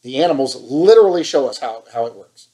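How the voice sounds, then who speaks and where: A man's voice: mid-range voice, expressive, brisk, warm tone, rough recording. A man preaching an impassioned online sermon, fired up and scolding, hammering points with repetition.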